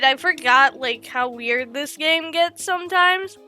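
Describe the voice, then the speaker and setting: Playful high-voiced woman streamer. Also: unhurried, hardly any pauses, bright, forceful tone, soft background music. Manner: playful, teasing, exaggerated outbursts. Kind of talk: live game stream chat.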